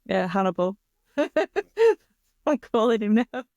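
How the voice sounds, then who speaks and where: A woman's voice: mid-range voice, takes it slowly, a little mellow, no room sound. Laughing woman co-host, dry close sound. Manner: laughs often, informal, explains practically. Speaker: podcast co-host. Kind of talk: casual podcast chat.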